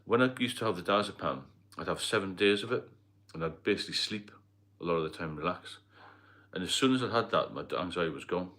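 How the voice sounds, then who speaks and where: Fast-talking and animated, a middle-aged man with a low, fairly bright voice hosts a casual livestream chat, rambling through viewer comments. He comes from Northeast England and has a blended Geordie and London accent.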